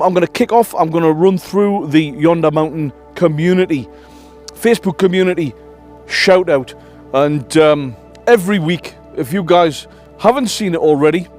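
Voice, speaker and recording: Upbeat middle-aged vlogger, a touch high-pitched, friendly slangy campfire chat. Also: male voice. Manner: chatty, upbeat, full of slang and shout-outs. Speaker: camping vlogger. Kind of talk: casual chat to camera by a campfire. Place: outdoors at a campfire at night.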